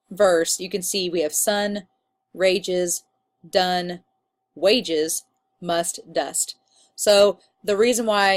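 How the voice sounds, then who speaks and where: Woman teacher, lowish voice, casual explainer style for a recorded lecture. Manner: casual, explanatory, chatty with fillers.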